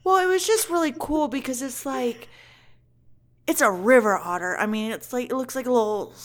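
A woman's voice: fairly high pitch, moderate pace. A woman, co-hosting a casual podcast chat, talking in a gushing, emotional way with lots of "like" and "um". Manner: chatty, emotional, frequent "like" and "um" fillers. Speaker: podcast co-host.

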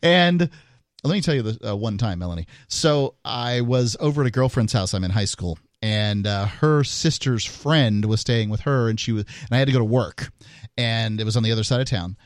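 A man's voice: medium pitch, moderate pace, no echo, clean studio sound. A man hosting a call-in talk radio show, chatting casually and wryly and laughing easily.

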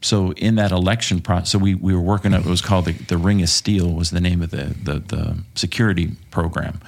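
This podcast guest is a former Texas police officer telling war stories in a loose interview. His low-pitched voice is a little mellow, with vocal fry and fairly even intonation, and he talks fairly fast while swearing, rambling and filling gaps.

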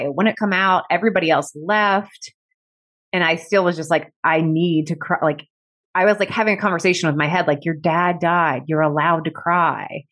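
A woman speaks as a guest in a conversation, recounting her own experience openly. Her voice sits a bit low for a woman. She talks in a candid, reflective way, leaning on "like" as she gathers her thoughts, with emotion close to the surface. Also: fairly bright tone. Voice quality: emotional, close to tears at times. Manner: candid and reflective, heavy use of "like". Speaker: podcast guest. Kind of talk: personal storytelling in conversation.

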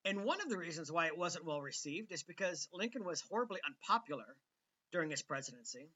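A man's voice: on the high side, very animated, a little fast, pushed and bright, lo-fi sound. A man hosting a political commentary show, talking casually with many ums and restarts. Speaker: host.

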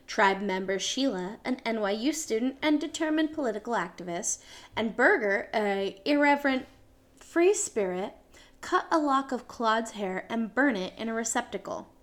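A woman co-hosting a podcast reads a show synopsis from a script, making small slips and correcting herself. Her voice is slightly high and fairly bright, with lively intonation at a normal speed.

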